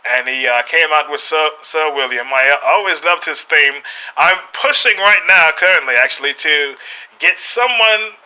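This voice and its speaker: A British man talking as a podcast guest, staying in character and speaking haltingly, with many fillers and restarts. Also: on the high side, sharp tone, clear, resonant tone, low-quality recording.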